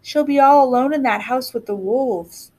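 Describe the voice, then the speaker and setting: A woman's voice: high voice, normal speed, warm tone, slight background noise, pitched above the performer's own voice, lightly acted. A woman reading aloud, voicing a determined, stubborn young girl who insists on what she knows. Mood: worried. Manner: insistent, earnest.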